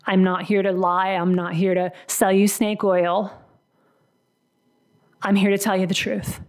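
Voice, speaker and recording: Woman, career coach, podcast monologue; earnest, emphatic, mid-range pitch, slips into quoted dialogue. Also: flat delivery, measured pace.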